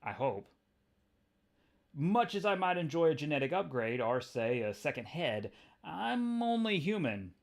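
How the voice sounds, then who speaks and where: A man's voice: a little high, big pitch swings, a little slow, vocal fry, voice pushed up, exaggerated voice. A man voicing a wisecracking young male spider-hero who talks with sarcastic quips. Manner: sarcastic, quippy.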